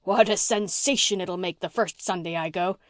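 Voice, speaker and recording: A woman voicing a blustering, gruff old farmer man in an audiobook, bossy and teasing, repeating himself as he talks. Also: on the low side, normal speed, no echo, studio quality, natural voice. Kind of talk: audiobook reading.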